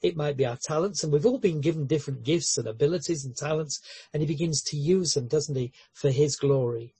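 Man, sermon, earnest preacher, humorous asides, husky voice, dry close sound. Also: on the high side, fairly quick, warm tone, no echo. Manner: frequent word repetitions and restarts.

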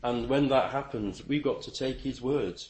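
A man preaching a sermon, emphatic, with stammering restarts and sudden rises in pitch and volume. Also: moderate pace, darkish tone.

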